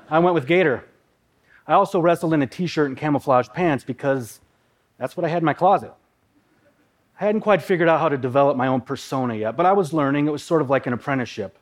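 A middle-aged man from Minnesota tells a personal story with vivid, emotional animation. His voice sits a little high.

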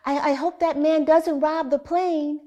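A man's voice: extremely high pitch, steady tone, measured pace, dark tone, pitched above the performer's own voice. A woman voicing her five-year-old son in a story, in a childlike, piping tone. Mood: innocent. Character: five-year-old boy, curious and innocent.

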